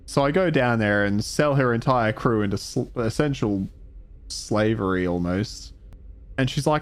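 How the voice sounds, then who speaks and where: A man's voice: medium pitch, expressive, normal speed. A man streaming a video game, ranting in frustration and swearing, often trailing off in the middle of thoughts. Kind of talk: casual gameplay commentary.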